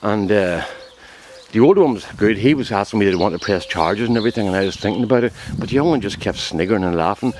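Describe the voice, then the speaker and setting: Deadpan man telling a tale in his garden. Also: lowish voice, fast talker, noisy background. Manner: deadpan, mock-serious. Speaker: vlogger. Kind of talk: casual comic storytelling to camera. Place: garden outdoors. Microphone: handheld camera.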